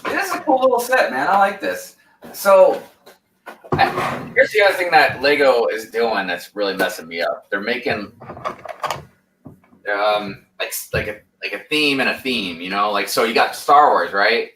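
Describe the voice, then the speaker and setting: A man's voice: lowish voice, lively intonation, measured pace. A man in a laid-back, easygoing casual chat, often calling the other man "man" or "dude". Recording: echoey room, distant mic, faint noise.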